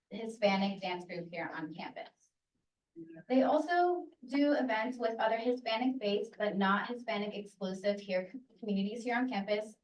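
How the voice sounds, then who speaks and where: A woman's voice: medium pitch, a little mellow, slight background noise. A young woman, a university student, giving an earnest, passionate public comment at a student government meeting. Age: young adult. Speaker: student speaker at public forum. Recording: echoey room, distant mic, dull sound.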